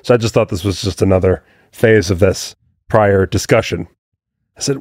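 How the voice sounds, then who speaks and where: A man's voice: lowish voice, brisk, no room sound. Chatty man telling stories, dry sound. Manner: chatty storyteller, animated when acting out quotes. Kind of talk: casual chat.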